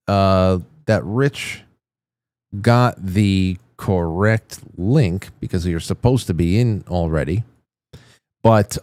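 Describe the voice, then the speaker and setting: A man's voice: fairly low pitch, darkish tone, dry recording. A man hosting a political commentary show, ranting with indignant, profane outrage. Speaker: show host.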